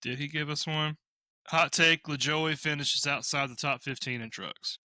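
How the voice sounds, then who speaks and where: Bright-voiced man giving bold picks. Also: fairly high pitch, steady tone, moderate pace, no room sound. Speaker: podcast co-host. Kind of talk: casual sports podcast chat.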